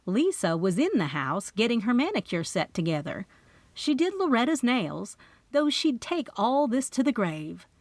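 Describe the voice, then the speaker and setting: A woman narrating a cozy mystery audiobook in first person, expressive and playful. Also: medium pitch, no echo. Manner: expressive storytelling with character voices.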